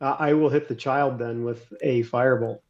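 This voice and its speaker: A man's voice: mid-range voice, fairly even intonation, normal speed, lo-fi sound. A man playing a tabletop game, describing his spell hesitantly with many restarts. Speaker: player. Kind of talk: casual tabletop play.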